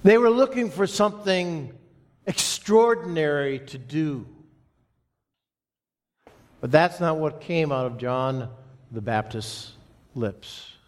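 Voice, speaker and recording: A pastor preaching a sermon to his congregation, slow and emphatic with dramatic pauses. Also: fairly high pitch, expressive. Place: church sanctuary. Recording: long reverb of a church hall.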